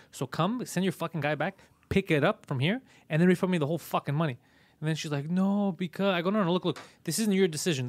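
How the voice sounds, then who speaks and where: A man hosting a podcast talks fast in a slightly high voice, profane and animated, acting out every exchange as he tells the story. The sound is close and dry, with no room around him. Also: dry recording. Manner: profane, animated storytelling full of acted quotes. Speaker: podcast host. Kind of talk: casual podcast chat.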